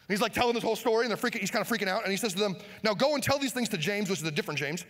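A pastor preaching a sermon, animated, acting out Bible scenes and shouting for emphasis. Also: male voice, high voice, racing, hardly any pauses. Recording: long hall reverb.

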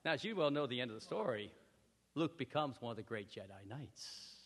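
A male pastor preaching a sermon with animated storytelling, acting out scenes, in a church hall. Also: medium pitch, brisk. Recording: echoey hall reverb.

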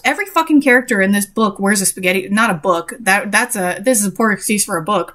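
A woman's voice: mid-range voice, fast, hardly any pauses, fairly bright tone. A young woman reading a story aloud and breaking off for sarcastic, exasperated comments on it. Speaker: reader and commentator.

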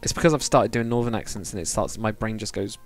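A man's voice: lowish voice, fast, soft background music. Rambling, chatty male live streamer. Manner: rambling, chatty, frequent fillers and laughs. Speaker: live streamer, game builder. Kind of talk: casual chat to viewers.

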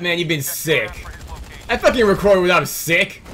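A young man streaming a video game, joking loudly and swearing at his chat. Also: high-pitched, animated, moderate pace. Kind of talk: casual profane let's-play commentary.

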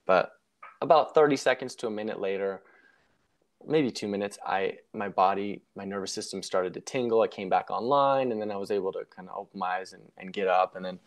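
A young man with a low-pitched voice tells his story in a relaxed interview. He rambles and corrects himself as he goes, reflective and unhurried. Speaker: guest sharing a near-death story.

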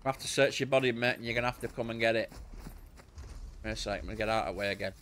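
A man's voice: on the low side, noisy background. A man with a Sheffield accent chatting loosely while streaming a game, bantering and swearing. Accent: Sheffield English. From Sheffield, England. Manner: banter, swearing, quick exclamations. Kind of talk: casual gaming chat.

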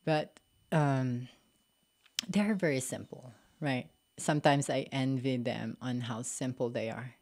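Filipino lady on a podcast, super low voice for a woman, chatty and open, lots of "like, you know". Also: takes it slowly, a little mellow. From Philippines. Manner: candid and reflective, frequent "like, you know", laughs often. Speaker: podcast guest. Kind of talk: casual interview conversation.

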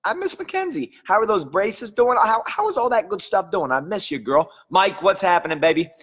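A man's voice: high-pitched, moderate pace, a bit bright, slightly rough, in a large hall. A man hosting a live stream as a coach, chatting energetically and greeting viewers by name while a little under the weather.

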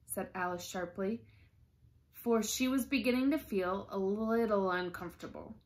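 A woman reading a children's storybook aloud, slowly and carefully, with lively expression. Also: medium pitch.

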